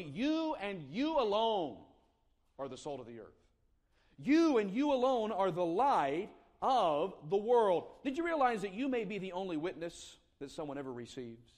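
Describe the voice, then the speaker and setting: A man preaching a sermon, earnest, slowing down to stress scripture quotes. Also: sits high. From South Carolina. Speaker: pastor.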